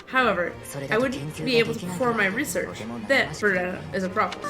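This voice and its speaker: A woman's voice: mid-range voice, a little fast, music in the background, lightly acted. A woman voicing a lazy, sleepy young male scholar who drawls and sounds unbothered. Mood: languid.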